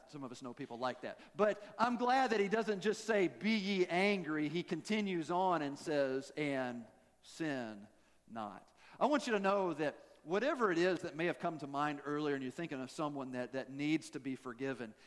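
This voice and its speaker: Folksy high-voiced preacher in a reverberant hall. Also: male voice. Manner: folksy, joking, with self-deprecating asides. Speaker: pastor. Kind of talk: sermon.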